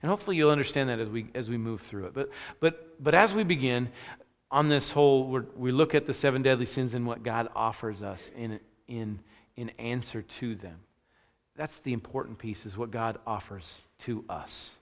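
A man's voice: mid-range voice, moderate pace. A man preaching a sermon as a pastor, telling a self-deprecating story with restarts and fillers before moving into scripture. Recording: long hall reverb.

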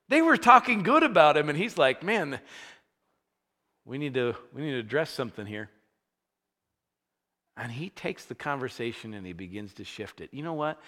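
A man delivers a sermon in a bright, forward voice. His pitch moves a lot as he retells the scene with growing energy. A long hall reverb trails every line. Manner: animated storytelling, acting out scenes with rising energy. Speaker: pastor.

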